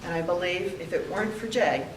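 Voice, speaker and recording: An older woman giving a heartfelt memorial tribute, telling stories with pauses. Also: lowish voice, a little hiss or hum. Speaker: eulogy speaker. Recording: echoey room, heard from a distance.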